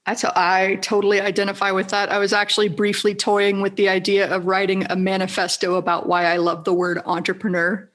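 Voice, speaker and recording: A woman's voice: medium pitch, completely flat delivery, fairly quick, hardly any pauses, fairly bright tone. An American woman hosting a podcast, chatting in a bubbly, enthusiastic way. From United States. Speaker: podcast host. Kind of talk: casual interview chat.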